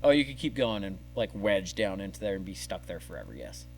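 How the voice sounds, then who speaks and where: A man telling a story in casual podcast chat, animated and acting out the scenes. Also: low voice, fairly quick, faint music behind. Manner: animated, acts out scenes with yelled quotes. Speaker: podcast co-host.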